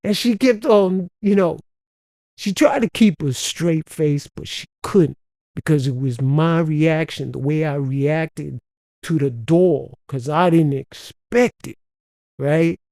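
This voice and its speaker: A man's voice: a little high, slow pace, gravelly, a little mellow, no echo, clean studio sound. A man from Compton, hosting a podcast and telling a profane, streetwise story with frequent laughs. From Compton, Los Angeles. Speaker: podcast host. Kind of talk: casual storytelling.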